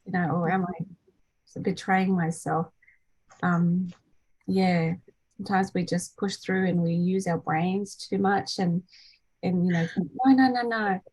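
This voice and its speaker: A woman's voice: fairly low pitch, little pitch movement, slow pace, long pauses, husky, dry recording, rough recording. A woman in her thirties hosting a casual group call, chatty, with many fillers and restarts. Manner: acts out quoted voices brightly. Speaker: meeting host, energy healer.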